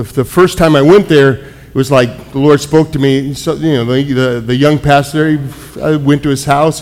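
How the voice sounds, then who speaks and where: A man preaching to a congregation, telling personal stories in an animated way with frequent restarts. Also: medium pitch. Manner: animated storytelling, many restarts. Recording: echoey hall with long reverb.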